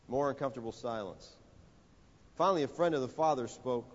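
A man preaching a sermon, telling a story and building to emphatic, rising lines with dramatic pauses. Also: medium pitch. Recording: dull audio in a reverberant hall.

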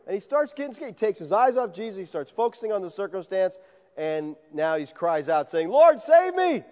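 Male pastor, high voice, lively expository sermon, dull recording with long hall reverb. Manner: animated, acts out voices of Bible figures.

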